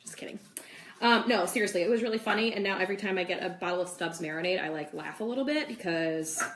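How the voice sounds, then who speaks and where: A woman's voice: lowish voice, fast talker, fairly bright tone. Chatty woman cooking in an echoey kitchen. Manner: chatty, lots of "like" and "okay". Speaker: cooking show host. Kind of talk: casual cooking demo, chatting with viewers. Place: home kitchen. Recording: echoey kitchen with faint noise.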